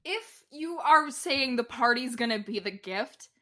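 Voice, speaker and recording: A woman with a high, bright voice chats casually as a podcast co-host. She retells a show with exasperated energy, quoting characters and laughing at them. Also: expressive, unhurried. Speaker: podcast co-host recapping a TV episode. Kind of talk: casual chat.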